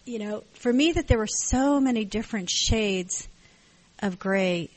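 A middle-aged woman speaks to a support group in a thoughtful, searching way. Her voice sits at a middle pitch, and she often pauses, restarts and adds "um"s. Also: low-quality recording. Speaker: support group member sharing. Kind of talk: personal testimony at a group meeting. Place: meeting room with a group.

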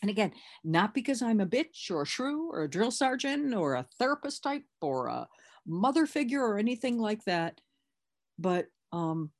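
A woman talking candidly and emphatically as a sponsor teaching recovery step work in a conversational workshop. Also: mid-range voice.

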